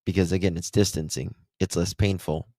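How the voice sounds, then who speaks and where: A man's voice: low voice, fairly even intonation, a little fast, dark tone, dry recording, studio quality. A man with an Appalachian accent giving blunt, sarcastic true crime commentary while reacting to interview clips.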